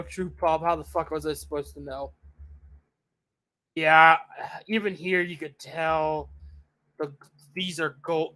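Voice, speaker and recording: A young adult streamer ranting excitedly and profanely in a casual live-stream reaction, with loud outbursts. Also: mid-range voice.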